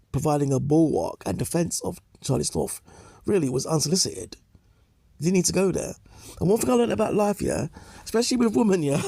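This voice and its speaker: A man's voice: high voice, vocal fry, mellow, slightly rough, no room sound. A man giving opinion commentary in a lecturing way, restating points and tagging them with "yeah?" and "okay?". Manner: emphatic, restates points for effect.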